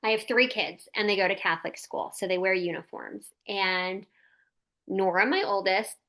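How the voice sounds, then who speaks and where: This is a woman in her thirties hosting a casual podcast conversation. Her voice is bright and forward, and her speech is loose and frank, full of "like" fillers and the occasional curse. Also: mid-range voice, normal speed. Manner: candid, chatty, peppered with "like" and mild swearing. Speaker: podcast host.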